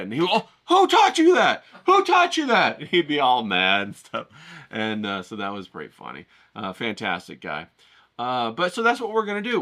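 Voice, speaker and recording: A man's voice: medium pitch, sharp tone. A man hosting a painting vlog, talking in a rambling, enthusiastic way with lots of fillers and casual swearing. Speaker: painting channel host. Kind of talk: casual motivational vlog talk. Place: home in the desert.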